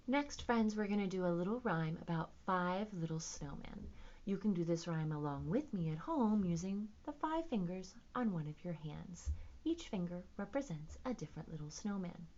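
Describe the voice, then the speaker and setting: A woman's voice: fairly low pitch, normal speed, muffled recording. A woman, a children's librarian, reading picture books aloud at storytime with playful sound effects. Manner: animated, sound-effect-filled read-aloud.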